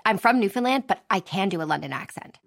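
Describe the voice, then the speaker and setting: A woman voicing living fog as a hammy actress auditioning in a radio ad, soft and breathy. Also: mid-range voice, lively intonation, quick pace, dry recording, soft background music, natural voice. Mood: theatrical. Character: fog personified, theatrical eerie actress. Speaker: radio ad character.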